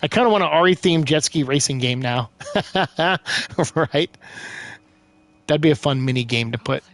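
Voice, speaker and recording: Excitable man narrating a game. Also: a little high, moderate pace. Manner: excitable, loud bursts of exclaiming while playing. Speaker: gaming streamer. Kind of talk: casual let's-play commentary.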